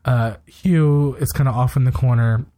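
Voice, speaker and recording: This podcast co-host, a man with a mid-range pitch, retells events briskly and opinionatedly in an easygoing chat. He moves at a lively clip, drops blunt takes and fast asides, and never loses his loose, conversational delivery.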